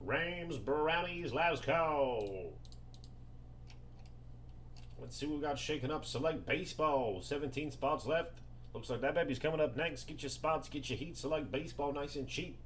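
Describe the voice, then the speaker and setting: A man with a slightly high voice runs a live card break, rattling off names and teams in fast bursts. He jokes and hypes between pulls. A faint hum of room ambience sits behind him. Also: fairly bright tone. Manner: rapid-fire listing of names and teams, hyped and joking.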